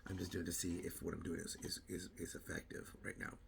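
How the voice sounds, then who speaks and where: A man's voice: low-pitched, completely flat delivery, quick pace, creaky, a little hiss or hum. A middle-aged man rambling casually to camera about his weight loss, repeating words and acting out what other people say.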